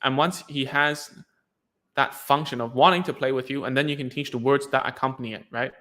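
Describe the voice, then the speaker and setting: Here a man with a medium-pitched, bright and forceful voice talks a little fast, his intonation fairly even. As a speech therapy coach in a casual advice video, he fields parents' questions about their child's speech in a loose, chatty way, full of fillers and restarts, and says "dude."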